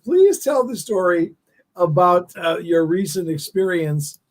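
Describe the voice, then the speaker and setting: A man's voice: sits high, animated, a little slow. A man hosting a casual talk show who teases his guest playfully. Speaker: host.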